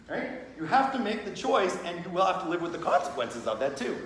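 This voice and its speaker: A man with a high, a bit bright voice lectures a class on religion, a little fast and with lively intonation. He's conversational, often checks in with "right?", and acts out little scenes in quoted voices. The room is very echoey with a faint hum.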